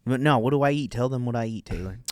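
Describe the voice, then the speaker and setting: A man's voice: medium pitch, fast, clear, resonant tone, dry recording, studio quality. A young man hosting a comedy podcast, rambling crudely in laid-back casual chat. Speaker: podcast host.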